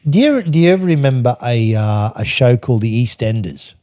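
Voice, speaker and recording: An older man from Australia telling a rambling travel story on a podcast, halting and restarting as he reads from his journal. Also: medium pitch, animated, mellow, dry recording, studio quality. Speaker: podcast guest recounting travels. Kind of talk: casual storytelling chat.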